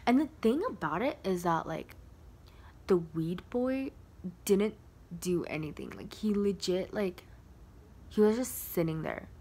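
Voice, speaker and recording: A young woman telling a casual storytime on her vlog. She rambles, leans heavily on "like", and sometimes drops into a soft whisper. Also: mid-range voice, expressive, a little slow, pauses often, a little hiss or hum. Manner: rambling, heavy use of "like" fillers. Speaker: vlogger.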